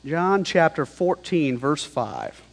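A man's voice: fairly high pitch, very animated, takes it slowly, gravelly. Male preacher, casual emphatic delivery, reverberant hall sound. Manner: conversational, emphatic, paraphrasing scripture in slang. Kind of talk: sermon.

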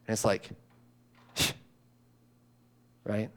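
A man's voice: on the low side, fairly even intonation, slow pace, pauses often, a bit bright. A man preaching a sermon in a conversational way, acting out grumbling voices and sighing as he goes. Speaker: pastor.

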